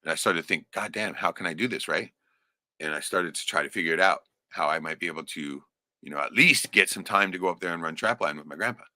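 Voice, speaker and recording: A man's voice: deep voice, fast talker, pushed and bright, dry recording, clean studio sound. A middle-aged man telling a rambling, profane personal story in casual chat. He laughs often and keeps checking in with "right?".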